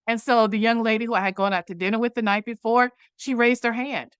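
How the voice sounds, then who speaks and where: A woman's voice: on the high side, fast talker, hardly any pauses, fairly bright tone, clear, resonant tone, no room sound, studio quality. A woman interview guest telling a personal story, animatedly acting out the dialogue from it. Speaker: guest, movement founder.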